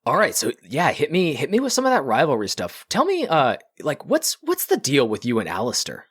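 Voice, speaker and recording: A man's voice: a little high, huge pitch swings, fairly quick, a bit bright, breathy edge, voice pushed up, heavily acted. A male reality-TV producer, voiced by a man, presses and coaxes for rivalry gossip. His voice is upbeat and insistent. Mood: coaxing.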